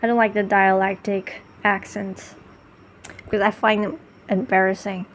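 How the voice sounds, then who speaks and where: A woman's voice: medium pitch, level tone, normal speed, a little hiss or hum. Gushing, rambling woman vlogger. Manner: gushing, enthusiastic, rambling with restarts. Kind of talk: casual monologue to camera.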